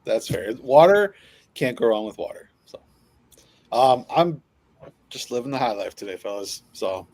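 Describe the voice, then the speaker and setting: A man's voice: medium pitch, expressive, moderate pace, long pauses, a little mellow. A man with a Wisconsin accent, co-hosting a casual podcast in a laid-back, joking way. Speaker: podcast co-host. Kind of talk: casual bar-style chat.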